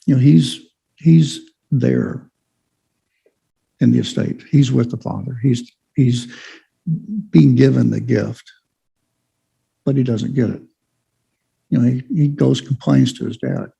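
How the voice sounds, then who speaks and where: A man's voice: medium pitch, slow, vocal fry, pauses often, mellow, slightly rough, rough recording. A man giving an informal church Bible lesson, rambling with many fillers and restarts. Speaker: Bible study teacher.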